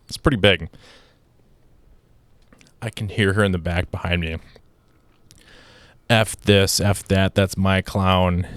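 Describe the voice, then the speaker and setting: A young man with a low, smooth, resonant voice tells a story casually, full of restarts and filler words. He sounds exasperated as he goes along. The sound is dry and close, with no room echo. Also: a bit bright. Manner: exasperated, rambling with many restarts and "like". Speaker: podcast host.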